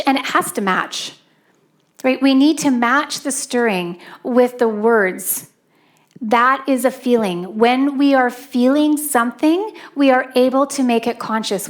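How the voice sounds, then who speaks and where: A middle-aged woman from Canada preaching in a church on a handheld microphone, telling a personal story and acting out her gasps and wailing. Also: fairly high pitch. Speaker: pastor.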